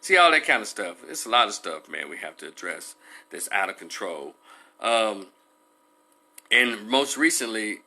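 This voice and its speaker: A man talking loosely on a livestream, rambling with many fillers and animated retelling. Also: on the low side. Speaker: livestream commentator. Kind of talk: casual livestream commentary.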